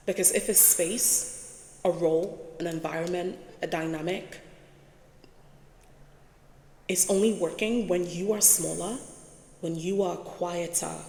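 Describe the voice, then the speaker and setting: Reflective woman host, low gravelly voice, leans on key words; echoey room with a long tail. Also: darkish tone, a little hiss or hum. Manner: slow, emphatic, repeats key words, asks "right?". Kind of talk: casual spoken reflection while writing on a board.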